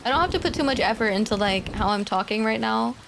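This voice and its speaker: A woman streamer chatting casually and quietly with her viewers at her desk mic, laughing often and swearing now and then. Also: a little high, animated, fast, vocal fry, noisy background. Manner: soft-spoken, talking quietly. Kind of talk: casual livestream chat. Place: home streaming setup.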